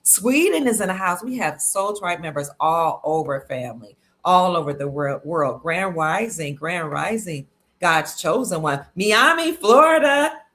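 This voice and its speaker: A woman's voice: deep voice, lively intonation, unhurried, a bit bright. A woman from Cleveland, Ohio, hosting a casual livestream, chatty and upbeat as she greets viewers and reads out their comments. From Cleveland, Ohio, USA. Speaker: livestream host.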